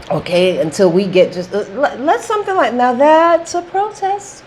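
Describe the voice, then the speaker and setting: A woman's voice: on the high side, lively intonation, moderate pace, hardly any pauses, a little hiss or hum, poor audio. A woman talking straight to camera in a casual opinion vlog, emphatic and repetitive, checking in with "okay?". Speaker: vlogger.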